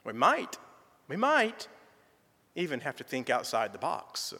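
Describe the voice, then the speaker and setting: Lively man giving church testimony. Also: mid-range voice, unhurried, slightly rough. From southern United States. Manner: folksy storytelling with gentle humor. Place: church sanctuary. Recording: reverberant church sanctuary.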